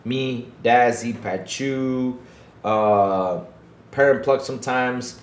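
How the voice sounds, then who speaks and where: A man's voice: medium pitch, fairly even intonation, slow pace. Chill guy on a gaming podcast, laughs a lot, repeats stuff, roomy echo on the mic. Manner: laid-back, laughs often, repeats himself, tags lines with "though". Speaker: podcast host. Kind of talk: casual gaming podcast chat. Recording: echoey room.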